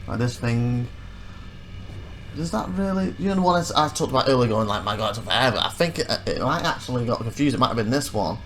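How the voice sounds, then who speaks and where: Narrating his gameplay in casual commentary, this let's play host rambles and keeps correcting himself, livening up whenever he relives a frustration. He speaks at a medium pitch and a slightly quick pace.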